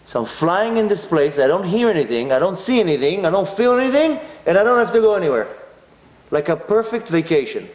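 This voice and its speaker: A man's voice: high-pitched, fairly quick, echoey room. A man from Israel, telling a personal story as a talk and acting out his own inner voice. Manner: animated, acts out his inner voice. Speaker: speaker.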